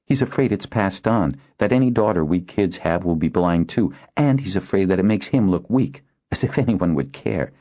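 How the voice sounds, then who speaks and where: A man voicing a spirited, quick-tempered young girl in an audiobook, in a high, lively voice. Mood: indignant. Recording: dull lo-fi recording.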